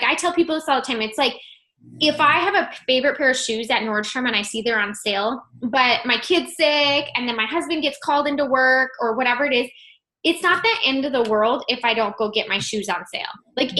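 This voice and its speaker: A woman's voice: sits high, bright, forceful tone. A woman in her thirties coaching her team on a video call, chatty and upbeat, saying "like" and "you guys" a lot. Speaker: team leader.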